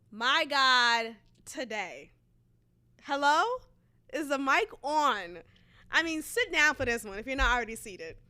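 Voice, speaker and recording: Woman, podcast host, from Boston, chatty solo monologue, rambling asides, crisp bright tone. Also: fairly high pitch. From Boston, USA. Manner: casual, chatty, with frequent asides and fillers.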